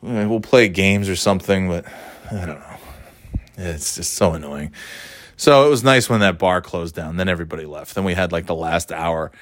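A man's voice: deep voice, normal speed, no echo. A middle-aged man telling a story in a casual monologue, swearing often in a sardonic, ranting way.

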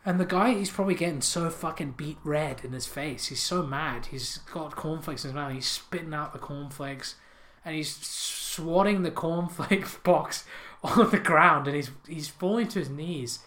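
A man's voice: a little high, moderate pace, bright, forceful tone. A man hosting a podcast, telling absurd rambling comic stories, swearing and laughing at his own jokes into a podcast microphone. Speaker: podcast host.

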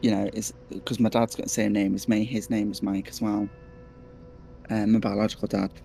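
A man with a Liverpool accent, a podcast guest telling a story in a casual, animated way, repeating words and swearing now and then. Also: on the low side, fairly quick, gravelly, soft background music. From Liverpool, England.

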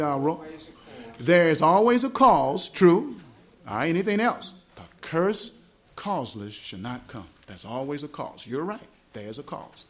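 Southern preacher with a lively, high voice. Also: male voice. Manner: asks the congregation questions, explains words slowly. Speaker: gospel evangelist. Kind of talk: teaching sermon. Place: small church fellowship meeting.

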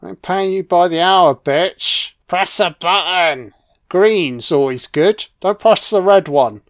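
A man's voice: high voice, slow, dry recording, studio quality. A man with a British accent giving an audio commentary on a film, mocking it with sarcastic, heavily profane riffs.

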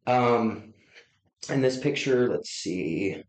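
Male podcast host, casual and animated, mid-pitch, echoey old building. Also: very slow. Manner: animated storyteller, acts out his own reactions. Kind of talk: casual chat. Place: inside an old hospital building.

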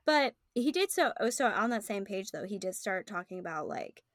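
A woman chatting casually about a book, animated and reading passages aloud. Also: medium pitch, normal speed, no echo, clean studio sound.

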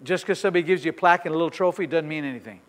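An older man preaching a sermon as pastor, telling a story with acted-out dialogue, repeating phrases and building to shouts. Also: on the high side, racing, big-room sound.

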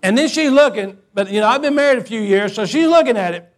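A man preaching a sermon, telling a humorous story in a folksy, animated way and repeating words as he builds it. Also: very high voice, fast talker.

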